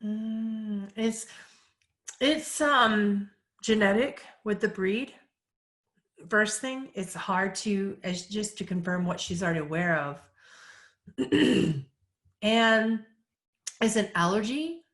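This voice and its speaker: A woman's voice: mid-range voice, expressive, slow pace, pauses often, fairly bright tone, roomy sound. A woman working as a psychic medium, chatting in a live Q&A, laughing often as she passes on messages. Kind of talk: live Q&A chat.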